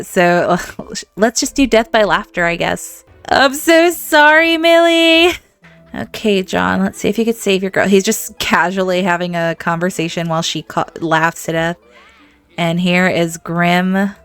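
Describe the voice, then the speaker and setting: A woman hosting a let's-play, giving game commentary in an animated way, laughing often and talking to her viewers. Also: medium pitch, clear, resonant tone. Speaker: gaming channel host.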